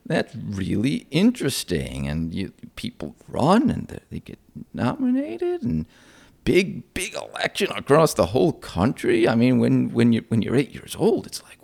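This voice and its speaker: A man's voice: mid-range voice, huge pitch swings, normal speed, gravelly, darkish tone. A man in his forties from upstate New York, chatting as an interview guest with a self-deprecating, rambling manner. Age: 40s. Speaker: guest, opposition researcher. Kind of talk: conversational interview.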